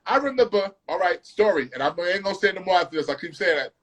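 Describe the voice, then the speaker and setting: Male producer, higher register, animated storyteller who hums melodies mid-story. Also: fast talker. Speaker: music producer. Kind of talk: casual storytelling.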